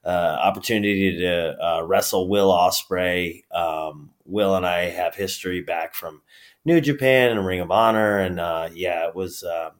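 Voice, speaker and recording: A middle-aged man from upstate New York speaks with a New York accent in a very low, deep register. He talks in a relaxed, rambling way, full of fillers and restarts, laughing easily as a guest on a chat show. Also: measured pace. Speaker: wrestler guest. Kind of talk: casual interview.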